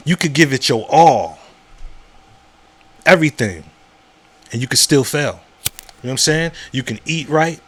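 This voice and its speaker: A man's voice: medium pitch, animated, unhurried, pauses often, a bit bright. Male podcast host, casual monologue, blunt and repetitive, conversational. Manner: conversational, repeats words and asks "you know what I'm saying?"; frank and profane.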